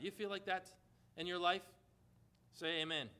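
Male preacher, high and bright, emphatic sermon delivery with questions to the congregation. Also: steady tone, unhurried, long pauses, clear, resonant tone.

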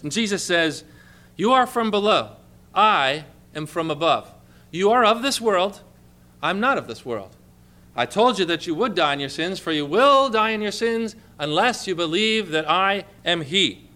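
A man preaching a sermon, telling stories in an animated, emphatic way and rising to exclamations. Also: sits high, measured pace.

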